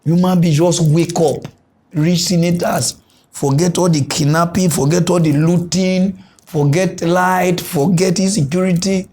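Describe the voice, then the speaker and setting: Male comic host, Nigerian Pidgin accent, high-pitched, animated satirical rant. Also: unhurried. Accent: Nigerian Pidgin English. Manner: animated ranting, switching between loud outbursts and low mutters. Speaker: comedy news host. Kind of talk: satirical comedy monologue.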